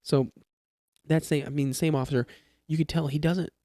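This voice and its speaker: On a podcast, a young man who is a police trainee or new officer talks casually about police work, explaining through examples and restarting sentences as he goes. His voice is mellow, warm, and on the high side, with a steady tone and moderate pace. It's recorded close and dry on a studio mic, with no echo.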